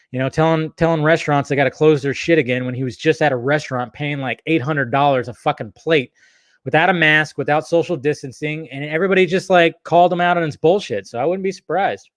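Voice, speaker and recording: A man's voice: a little high, dry recording. Profane rambling man on a dry mic. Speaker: host reading live chat questions. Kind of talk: casual livestream chat.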